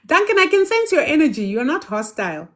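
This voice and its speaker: A woman hosting a live question and answer stream on spirituality. She talks in a lively way, laughs often, calls viewers by name and answers their questions emphatically. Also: high-pitched, quick pace. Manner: reads questions aloud and answers them emphatically.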